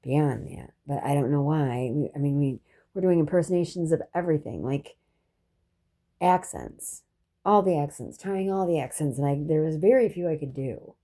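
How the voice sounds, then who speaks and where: A woman's voice: sits low, expressive, moderate pace, mellow. A woman telling a personal story in a rambling, reflective monologue, restarting often and dropping profane asides.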